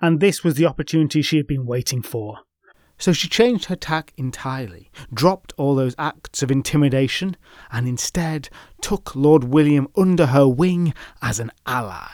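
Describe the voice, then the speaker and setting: A man's voice: mid-range voice, expressive, moderate pace, darkish tone, dry recording, clean studio sound. A man hosting a folklore podcast, telling the tale with wry personal asides. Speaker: podcast host. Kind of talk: scripted folklore storytelling.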